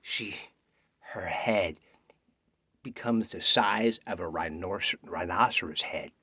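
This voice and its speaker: A man's voice: low voice, slow, bright, forceful tone, husky, no room sound, clean studio sound. A man auditioning with a dramatic scary story, dropping into whispers for suspense. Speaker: actor auditioning. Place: home self-tape.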